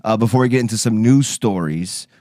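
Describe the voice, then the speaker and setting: A man's voice: fairly low pitch, fairly quick, darkish tone, no echo, clean studio sound. A man co-hosting a casual talk show, rambling in a laid-back way with stammered restarts. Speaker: podcast co-host. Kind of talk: casual banter.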